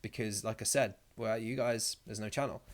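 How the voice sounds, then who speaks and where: This young live-stream host has a fairly low, steady voice and talks fairly quickly. Reading comments from viewers out loud, he meanders through his answers and throws in jokes on the side.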